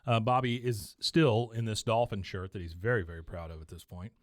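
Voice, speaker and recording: A podcast host with a fairly low, steady voice casually recaps cartoon episodes, retelling scenes and acting out the characters' lines in quick voices. The recording is studio quality with no echo.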